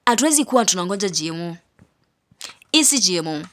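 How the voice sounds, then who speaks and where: A woman's voice: medium pitch, sing-song, quick pace, long pauses, a bit bright. A woman teaching a Bible study. She stresses single words and repeats phrases, with casual asides between the preaching. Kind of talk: spoken scripture teaching.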